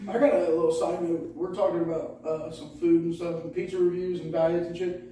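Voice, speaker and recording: High-voiced swearing man telling stories. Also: little pitch movement, brisk. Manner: profane storytelling with loud mimicking asides. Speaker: podcast co-host. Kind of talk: casual drunken chat. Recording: echoey room, far from the mic, faint noise.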